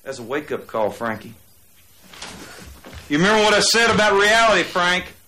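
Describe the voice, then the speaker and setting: An actor playing a crude, bullying man who lays down rules with gruff, profane swagger. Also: high voice, big pitch swings, moderate pace, bright, forceful tone, heavily acted. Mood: furious. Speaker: film character.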